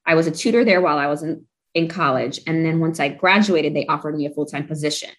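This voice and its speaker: A woman's voice: low voice, fast, poor audio. A young adult woman, a guest in an interview, telling a personal story candidly and with feeling. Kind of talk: interview conversation.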